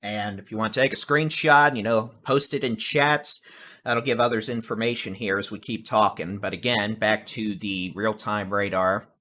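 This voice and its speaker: Bright-voiced man giving live weather updates. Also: fairly low pitch, steady tone, moderate pace. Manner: conversational, reassuring, emphatic; addresses viewers directly as folks. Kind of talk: live severe weather coverage. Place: home studio with air conditioner.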